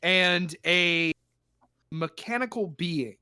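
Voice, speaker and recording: Man, game master, loose halting narration, bright, dry sound. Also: sits high, clear, resonant tone, dry recording.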